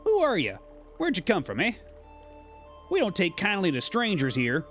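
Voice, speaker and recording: A man voicing a rough-talking village boy in a game, who is suspicious of strangers and speaks in a folksy dialect. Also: wildly swooping pitch, moderate pace, fairly bright tone, faint music behind, full character voice. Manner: folksy dialect, high and wary. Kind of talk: reading game dialogue aloud.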